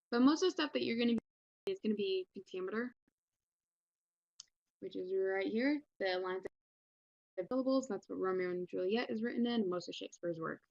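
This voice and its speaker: Woman teacher, mid pitch, casual encouraging delivery, dry and slightly dull recording. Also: no echo. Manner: casual, encouraging, many fillers. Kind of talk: recorded online lesson.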